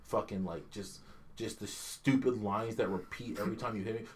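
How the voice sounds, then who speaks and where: A young man in a casual podcast chat, his pitch sitting in a middle register. He rants in an exasperated, profane way and slips into mocking impressions now and then. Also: brisk. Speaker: podcast co-host.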